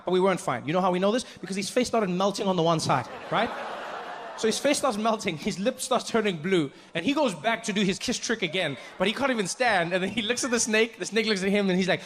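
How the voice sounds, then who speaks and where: A male stand-up comedian performs on a comedy stage with a fairly high, very animated voice that swings up and down as he acts out his story. He speaks into a handheld mic, and a faint hum sits in the background. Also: quick pace. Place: comedy stage before a live audience.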